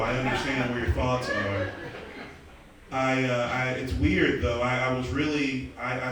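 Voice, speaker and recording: A man's voice: mid-range voice, background noise. A man from the American South, doing profane live stand-up comedy and bantering with the crowd. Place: underground comedy club. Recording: distant mic in an echoey club, loud crowd.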